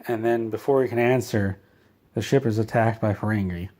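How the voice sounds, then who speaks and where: A man's voice: fairly low pitch, steady tone, moderate pace, darkish tone. A man telling a rambling comedic story, meandering and interrupting himself with a dry, offhand delivery. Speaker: comedy channel host.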